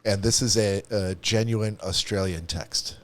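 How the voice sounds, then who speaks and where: A man co-hosting a comedy podcast in casual chat, rambling and animated with lots of restarts. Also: lowish voice, a little slow. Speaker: podcast co-host.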